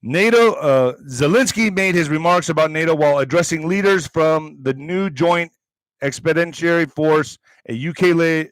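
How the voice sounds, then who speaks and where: A man's voice: on the high side, dry recording. A man hosting a political commentary stream, reading headlines aloud and breaking into heated, profane, sarcastic asides. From Mexican heritage.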